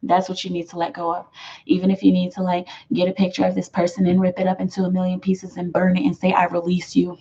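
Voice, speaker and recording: A woman's voice: fairly low pitch, completely flat delivery, fast, dark tone, highs cut off. Emphatic woman doing a live tarot reading. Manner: emphatic, affectionate, repeats phrases, laughs often. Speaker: tarot reader.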